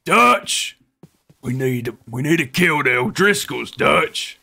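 A young man voicing a gruff middle-aged male outlaw cowboy in a loud, strained, put-on growl. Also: on the high side, animated, takes it slowly, pitched above the performer's own voice, exaggerated voice. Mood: shouty.

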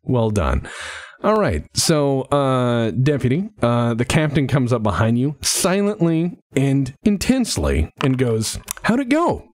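Lively man narrating as game master. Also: medium pitch, a little slow. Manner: casual, laughing narration with fillers.

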